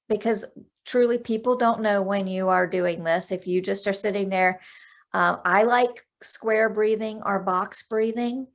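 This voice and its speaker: Woman, life coach guest on a video-call podcast; gravelly, practical, counts breaths aloud. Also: fairly high pitch. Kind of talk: podcast interview, explaining calming techniques.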